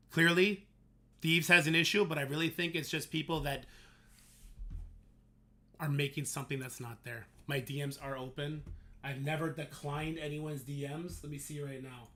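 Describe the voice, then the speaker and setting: A man's voice: a little high, steady tone, moderate pace, bright, forceful tone, a little hiss or hum. A man streaming a game live and talking to his chat in an exasperated rant, swearing heavily. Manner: exasperated ranting, heavy swearing. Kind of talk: livestream talk to chat.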